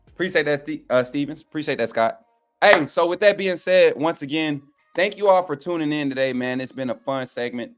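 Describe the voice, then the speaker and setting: A young man, a co-panelist on a sports show, chatting casually and folksily with his viewers. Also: mid-range voice. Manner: relaxed, folksy, addresses viewers as y'all. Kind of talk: casual live stream chat.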